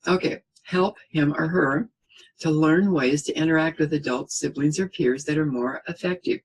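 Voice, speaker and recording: A middle-aged man giving a spoken parenting lesson in a calm, reassuring way, often checking in with "okay?" and acting out what a parent would say. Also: fairly high pitch, moderate pace, breathy edge, rough recording. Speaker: parenting teacher.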